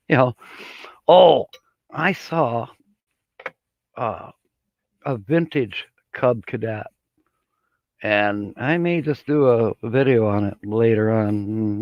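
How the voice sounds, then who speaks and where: A man's voice: medium pitch, dry recording. A middle-aged man from Michigan hosting a live stream in a casual, folksy way, greeting viewers and chuckling often. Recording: dull, dry lo-fi audio.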